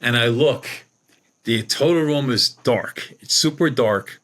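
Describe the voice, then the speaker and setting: A man with a mid-range, fairly bright voice speaks slowly as he rambles through a casual personal tale. A psychic medium on as a guest, he recounts what others told him using "she goes".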